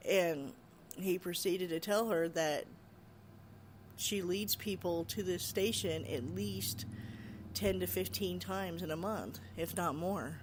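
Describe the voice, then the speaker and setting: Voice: medium pitch, takes it slowly, noisy background. A podcast host casually retelling a ghost story in a chatty way, full of "she's like" and "you know". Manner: animated when quoting others, raising voice.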